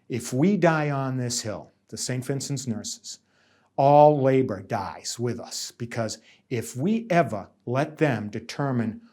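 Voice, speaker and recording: A nursing union negotiator, middle-aged and from central Massachusetts, gives interview answers as reflective stories. He speaks at an ordinary middle pitch in a slightly mellow voice, pressing his points emphatically, repeating himself, and voicing the words of the people in his stories.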